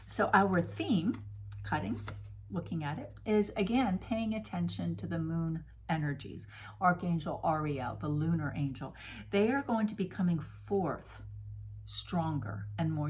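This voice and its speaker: A woman's voice: lowish voice, a little mellow, a little hiss or hum. Effusive woman giving an oracle card reading. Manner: effusive and playful, with sudden exclamations. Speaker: spiritual reader.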